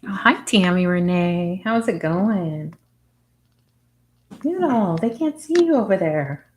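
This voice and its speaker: Slow-talking woman chatting on a craft livestream. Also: animated. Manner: slips into high baby talk with her dog, drops to soft whispers. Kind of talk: casual livestream chat.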